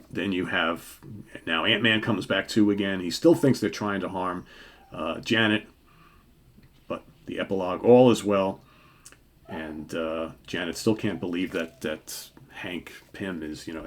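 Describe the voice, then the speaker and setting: An older man hosting a show, recapping a comic book in a relaxed, chatty way. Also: deep voice, a little hiss or hum. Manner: relaxed, chatty, loosely reads out dialogue. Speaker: host.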